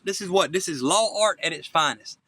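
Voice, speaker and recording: A man's voice: high voice, brisk, sharp tone. A man recording himself on his phone, ranting angrily and profanely, repeating "okay?" over and over. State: angry. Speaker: self-recording vlogger. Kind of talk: angry rambling monologue to camera. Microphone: phone front camera.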